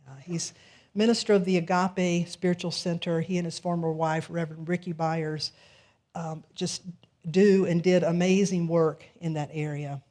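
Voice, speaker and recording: A woman's voice: lowish voice, steady tone, normal speed, warm tone. Conversational woman minister preaching. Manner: conversational storytelling. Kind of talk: sermon. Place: church sanctuary.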